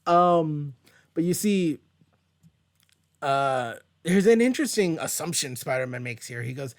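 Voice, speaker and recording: A man's voice: a little high, expressive, measured pace, pauses often. A man hosting a casual comic book review show from home, rambling and chatty with plenty of fillers and the odd swear word. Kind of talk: casual page-by-page comic commentary. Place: at home, with a dog nearby.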